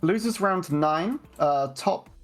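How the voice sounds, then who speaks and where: A woman co-commentating a live game tournament, giving relaxed analysis with frequent ums and restarts. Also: fairly low pitch, slow, faint music behind. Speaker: esports co-commentator.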